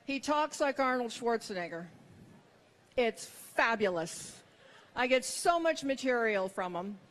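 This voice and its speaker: A woman's voice: on the high side, expressive, measured pace. A middle-aged woman performing a stand-up comedy set, with wry, self-mocking punchlines.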